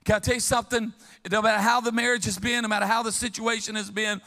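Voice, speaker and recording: A middle-aged man preaching a sermon as pastor, telling funny stories with lively call-and-response to the congregation. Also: high voice, fast talker, vocal fry. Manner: humorous, animated storytelling with call-and-response. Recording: long reverb of a large hall.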